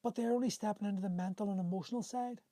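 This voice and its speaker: A man in his forties talks earnestly to his live viewers, circling back and restarting his sentences as he goes. His voice is mellow and soft-edged. The sound is close and dry, with no room echo. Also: high voice, rapid-fire. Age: 40s. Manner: earnest and rambling, with many restarts, answering viewer comments. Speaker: host of a men's coaching livestream. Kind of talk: impassioned motivational talk to live viewers. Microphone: phone or webcam on a livestream.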